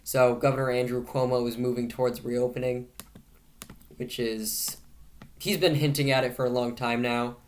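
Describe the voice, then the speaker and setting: A man at a middle pitch talks through the day's news into a camera. His tone is casually sarcastic, with dry jokes dropped between the headlines. He keeps tripping over his words and fixing them as he goes. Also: little pitch movement, normal speed, slight background noise. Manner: frequent self-corrections and restarts. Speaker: host of a news commentary show.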